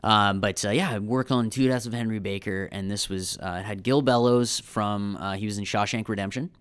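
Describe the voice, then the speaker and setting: A young Canadian man rambles through a casual podcast story, doubling back on his words with plenty of ums. His voice sits on the low side, smooth and clear. The sound is dry and close. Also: fairly even intonation, a little fast, dry recording. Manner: rambling storyteller, many fillers and restarts. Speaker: guest, filmmaker.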